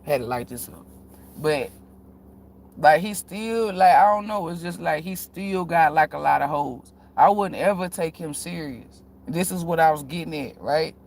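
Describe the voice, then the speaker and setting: A man's voice: on the high side, normal speed, vocal fry. A man talking casually to his viewers, telling a story in a blunt, profane, frank way with frequent laughs. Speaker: tarot reader vlogger.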